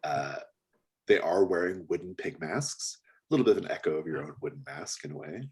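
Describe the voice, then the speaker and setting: A man narrating a tabletop role-playing game as game master, relaxed and chatty, laughing often and using lots of fillers. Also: deep voice, fairly quick, breathy edge.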